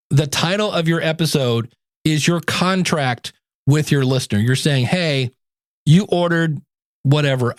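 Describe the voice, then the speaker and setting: A man hosting a solo podcast, giving advice in an animated, conversational way with playful asides. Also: on the high side, dry recording, clean studio sound. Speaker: podcast host and coach.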